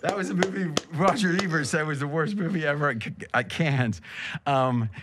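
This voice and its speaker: A man's voice: a little high, moderate pace, noisy background. A man hosting a casual chat show, rambling and joking as he tells stories. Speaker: host.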